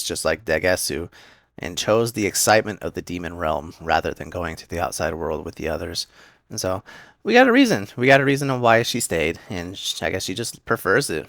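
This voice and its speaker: A young man with a low voice talks through an anime episode in a loose, rambling way, full of fillers and quick asides. The sound is dry and close, with no room behind him. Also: a bit bright, dry recording. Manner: rambling, filler-heavy retelling with quick acted quotes. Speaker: anime recap host. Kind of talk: casual episode breakdown.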